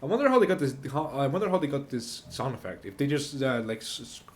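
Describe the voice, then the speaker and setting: A man's voice: medium pitch, very animated, fast, slight background noise. A tipsy man giving rambling, self-mocking commentary while playing a story game, stumbling over his words. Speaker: gamer playing a narrative game. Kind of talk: casual gameplay commentary.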